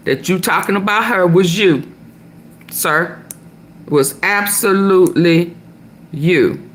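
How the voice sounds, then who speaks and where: Woman vlogger, lively pitch, slow delivery, faint hiss. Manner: animated, laughs often, mimics with shrieking high voice. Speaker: commentary vlogger. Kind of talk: casual gossip commentary.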